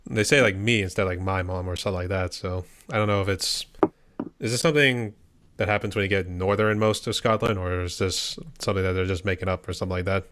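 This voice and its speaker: Deep-voiced man hosting. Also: quick pace. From Pittsburgh, USA. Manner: relaxed, curious questions. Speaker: podcast host. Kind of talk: casual interview chat.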